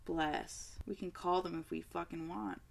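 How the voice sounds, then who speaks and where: A woman's voice: sits low, lively intonation, unhurried, creaky. A young woman, co-hosting a beer tasting show in casual, profane, joking chat. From Canada.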